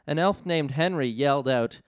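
A man reading an absurd comedy story aloud in a deadpan way, often cracking up. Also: a little high, moderate pace, no room sound. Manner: deadpan narration, often breaking into laughter. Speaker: storyteller host.

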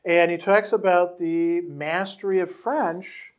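A man's voice: sits high, steady tone, takes it slowly. A man giving a lecture, reading passages from a book aloud and explaining them in a conversational way, with restarts and rhetorical questions.

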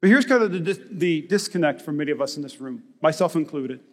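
A man in his thirties preaching a sermon as pastor, animated and joking, rising to shouts for emphasis. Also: a little high, fast. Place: church hall. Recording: reverberant hall.

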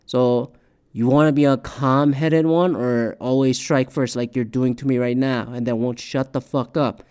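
A man giving a casual, profane political rant, with animated delivery and quotes acted out in shifting voices. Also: mid-range voice, moderate pace, smooth. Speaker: commentator.

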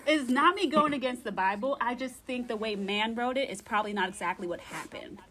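Lively laughing woman podcast co-host. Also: a little high, brisk, a little hiss or hum. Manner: animated, laughs a lot, slangy. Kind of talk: casual chat.

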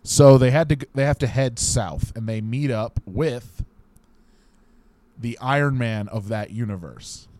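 A man's voice: medium pitch, unhurried, darkish tone, dry recording. A man co-hosting a casual comedy podcast, rambling through absurd made-up movie plots with many ums and asides. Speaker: podcast co-host; teacher.

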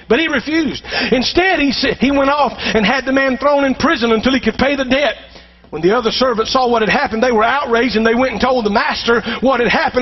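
A pastor preaching in a church, his voice pitched very high for a man and husky around the edges. He draws call-and-response from the congregation and climbs into shouting at the peaks. The sermon recording sounds dull and lo-fi. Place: church sanctuary.

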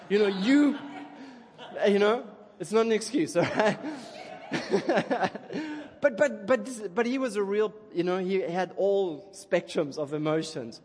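High-voiced man preaching in an echoing hall. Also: unhurried, a crowd in the background. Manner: animated, chatty, keeps asking "okay?". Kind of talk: sermon. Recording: long reverb of a large hall.

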